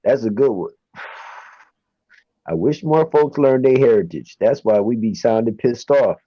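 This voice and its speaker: A laid-back man chats as a guest and swears freely. His voice is mid-pitched and mellow. It comes through a dry, muffled call line. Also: lively intonation, measured pace, no room sound. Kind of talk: casual chat.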